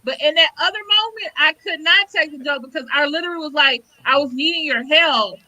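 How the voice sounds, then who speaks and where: A woman's voice: sits high, a little fast, sharp tone, rough recording. A woman co-hosting a live stream, bickering playfully and defending herself in casual chat. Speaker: co-host of a live stream show.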